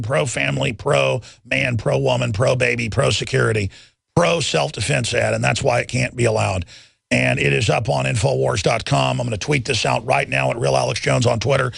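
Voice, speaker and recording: A man's voice: medium pitch, moderate pace, creaky, fairly bright tone, breathy edge, no echo. A man hosting a talk radio show, ranting angrily and repeating himself as he works up his outrage.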